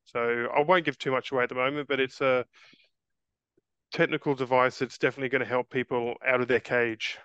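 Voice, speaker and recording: A bright, forceful man in his forties speaks as a guest in a casual interview. He is earnest, stumbles and repeats words as he goes, and keeps calling the host mate. His voice is smooth and dry, with slightly dull, lo-fi audio. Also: mid-range voice, fairly even intonation, a little fast, no echo. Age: 40s.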